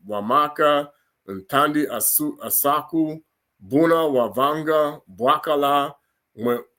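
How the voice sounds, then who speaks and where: A man giving an informal scripture lesson, sounding out foreign words syllable by syllable and breaking into chatty, laughing asides. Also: mid-range voice. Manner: laughs and gets animated in asides. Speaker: religious teacher.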